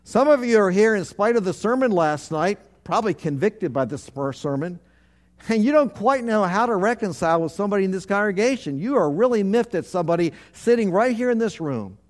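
A man's voice: high-pitched, expressive, brisk. A man, a pastor, preaching a sermon, leading his congregation to repeat phrases back, with earnest, repetitive emphasis.

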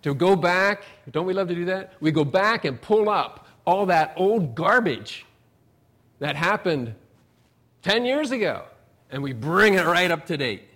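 A middle-aged pastor gives a relaxed, story-filled sermon in a voice that sits high, expressive and unhurried. He pushes upward for emphasis before letting phrases drift off softly.

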